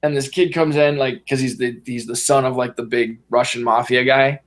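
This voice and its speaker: A man's voice: medium pitch, steady tone, normal speed. A man in casual podcast chat, animatedly retelling movie scenes and acting out the characters in voices. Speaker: podcast co-host.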